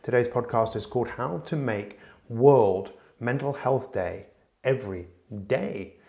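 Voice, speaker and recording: A man's voice: mid-range voice, a little slow, gravelly, a little mellow. A middle-aged man hosting his own podcast, talking earnestly and reflectively to the listener with frequent restarts. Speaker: podcast host. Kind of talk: solo podcast monologue.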